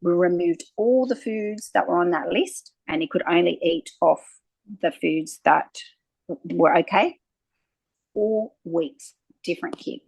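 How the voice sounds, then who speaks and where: A woman's voice: on the low side, a little slow, gravelly, slightly rough, no room sound, low-quality recording. A woman, a naturopath guest talking at length in an interview and acting out little exchanges as she tells stories. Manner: animated storyteller, acting out quoted exchanges. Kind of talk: conversational interview.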